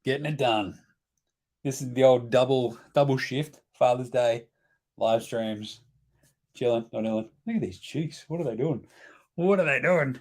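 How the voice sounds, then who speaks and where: A man's voice: medium pitch, measured pace, darkish tone. Australian male host, casual live stream banter, joking and chatty. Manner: joking, chatty, talks to his baby.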